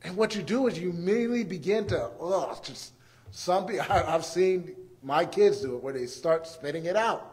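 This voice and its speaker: A man in his thirties preaching a sermon, animated and swinging from quiet to loud, acting out quoted voices. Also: sits high, normal speed. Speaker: pastor.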